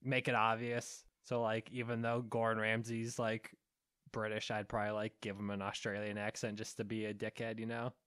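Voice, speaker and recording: A man's voice: fairly low pitch, completely flat delivery, moderate pace, fairly bright tone, clean tone, no echo, clean studio sound. A man co-hosting a podcast in casual chat, laughing constantly and rambling loosely. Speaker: podcast co-host.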